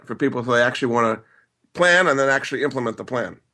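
A man's voice: medium pitch, fast, pushed and bright. A man hosting a show, interviewing a guest with prompting questions. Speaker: radio show host.

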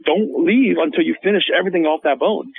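Guest chef, male, high and gravelly, chatty storyteller, phone-line audio. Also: quick pace. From Hmong American. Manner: animated storyteller, acts out quotes, many fillers. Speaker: chef and TV show host, guest. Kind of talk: casual radio interview storytelling.

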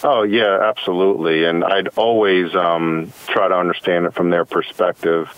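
Low-voiced male caller, thoughtful. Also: steady tone, moderate pace, no room sound, dull audio. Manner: thoughtful, agreeable, frequent ums. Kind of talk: call-in conversation.

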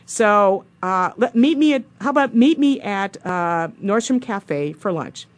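A woman's voice: medium pitch, animated, measured pace, close to an everyday voice. A woman quoting a persistent, eager middle-aged male suitor in a raised voice during a story.

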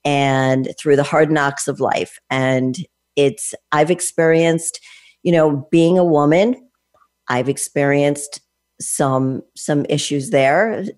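A woman's voice: deep voice, slow pace, darkish tone. A woman in her late fifties, a fitness trainer, hosting an interview and talking in long, thoughtful, winding sentences with restarts. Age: 50s. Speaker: host. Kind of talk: conversational interview.

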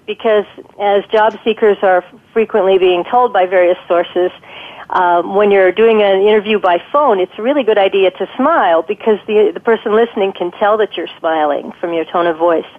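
A woman speaks over a thin, tinny telephone line, her pitch sitting in an ordinary middle register. She explains her advice patiently and thoughtfully, often pausing with ums as she works through her points. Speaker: guest expert on guided imagery. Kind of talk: conversational interview advice.

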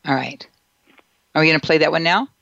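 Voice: medium pitch, a little fast, vocal fry, pushed and bright, no room sound, dull audio. A host interviewing a guest, giving brief agreeing replies and asking curious questions. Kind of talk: radio talk interview.

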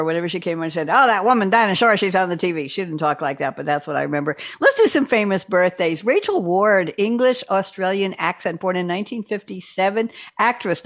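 Woman, radio host, middle-aged, low-ish voice, casual, digressive. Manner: rambling, chatty, digressive.

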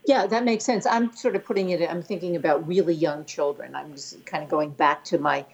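An older woman hosting an interview, talking in a slow, reflective and hesitant way over dull lo-fi audio. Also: low-pitched, creaky. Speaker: interviewer host. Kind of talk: conversational interview.

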